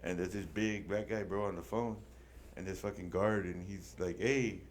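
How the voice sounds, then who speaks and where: A man's voice: sits low, fairly even intonation, moderate pace, a little hiss or hum. A man co-hosting a casual podcast, telling a long story with plenty of slang and curse words, dropping Spanish words in. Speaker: podcast co-host.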